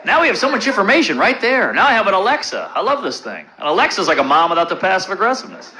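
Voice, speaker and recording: Man doing a dark stand-up set. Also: high-pitched, quick pace, hardly any pauses. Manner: deadpan dark one-liners with crowd asides. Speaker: stand-up comedian. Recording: loud background noise.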